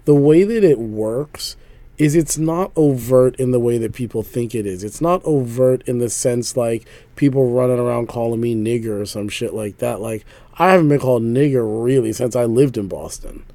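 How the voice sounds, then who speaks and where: A man's voice: mid-range voice, normal speed, mellow, no echo. A man from Philadelphia in casual podcast conversation, telling stories with frequent laughter and many "like"s. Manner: laughs often, storytelling, repeats "like". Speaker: podcast co-host.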